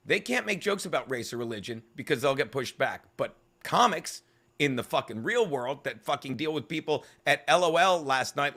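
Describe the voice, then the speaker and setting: A male comedian telling rambling, profane stories in an interview. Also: a little high. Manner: fast, swearing, animated storytelling. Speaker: comedian guest.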